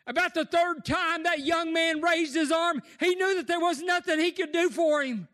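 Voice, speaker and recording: High-voiced impassioned preacher man. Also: normal speed. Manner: impassioned, rising to shouts and tearful cries. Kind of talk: sermon.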